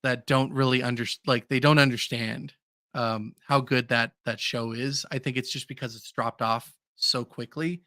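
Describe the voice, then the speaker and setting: A man's voice: mid-range voice, fairly even intonation, moderate pace, sharp tone, dry recording, clean studio sound. A man co-hosting a podcast, chatting casually in an earnest, openly emotional way with hesitant "um"s. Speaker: podcast co-host. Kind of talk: casual chat.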